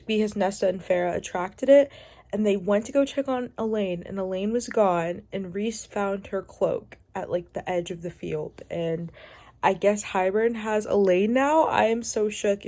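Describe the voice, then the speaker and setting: A woman vlogging her reactions to a book, talking casually and excitedly, gushing with squeals and sudden hushed asides. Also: mid-range voice. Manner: excitable, gushing, swings between whispers and squeals. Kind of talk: casual reading reaction vlog.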